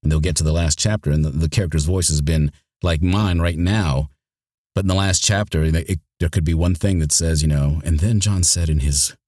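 Very deep-voiced man, dry close sound. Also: fairly even intonation, brisk, darkish tone, no echo. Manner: rambling, with many restarts and repeated words. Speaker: audiobook narrator, guest. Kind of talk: casual interview talk.

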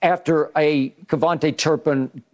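Animated man hosting sports debate. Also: on the high side, a little slow. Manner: animated, restarts often, emphatic play-by-play recounting.

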